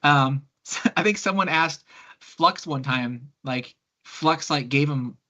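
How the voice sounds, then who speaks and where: Bright-voiced man telling animated stories. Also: a little high, takes it slowly. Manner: animated storyteller, acts out quotes, laughs often. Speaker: guest, blaster kit designer. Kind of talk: casual podcast chat. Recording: dull lo-fi sound.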